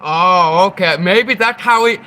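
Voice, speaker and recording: A man's voice: sits high, a little slow, sharp tone. A man chatting casually on a live stream, rambling and joking, often restarting his sentences. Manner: rambling, joking, starts over mid-sentence.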